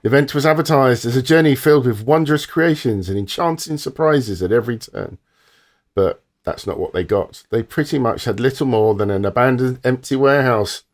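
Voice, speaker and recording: A man co-hosts a casual podcast and reads out strange news items, dropping dry asides along the way. His voice sits at an ordinary middle pitch. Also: a little fast. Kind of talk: casual chat.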